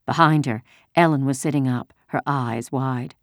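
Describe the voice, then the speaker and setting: Woman, storybook narration, low pitch, dry recording, measured. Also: no echo.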